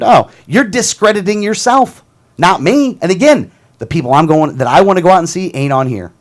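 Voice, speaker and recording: A man's voice: high voice, expressive, fairly quick. A man hosting a casual political talk show, ranting in a heated, combative way and often repeating himself.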